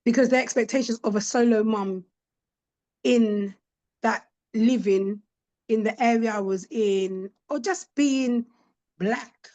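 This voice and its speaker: A woman's voice: on the high side, slow, darkish tone. A woman, a podcast guest telling stories in a casual chat and acting out the voices of the people she quotes. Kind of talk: casual storytelling interview.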